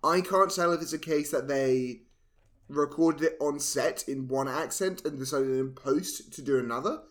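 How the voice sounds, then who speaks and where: A man's voice: a little high, normal speed. A man co-hosting a casual podcast, making wry, teasing asides and telling stories. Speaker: podcast co-host. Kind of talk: casual chat.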